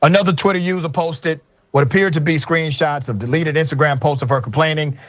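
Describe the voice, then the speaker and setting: A man's voice: on the high side, brisk. A man giving emphatic news commentary.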